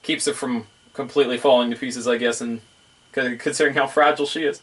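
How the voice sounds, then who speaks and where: A man's voice: mid-range voice, fairly even intonation, fast, fairly bright tone. A man casually reviewing a magazine, rambling, laughing often and repeating the same fillers.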